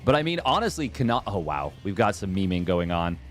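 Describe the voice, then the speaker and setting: A man giving casual live commentary on a strategy game, rambling and excitable as he chats between plays. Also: low-pitched, a little fast, soft background music. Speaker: esports commentator.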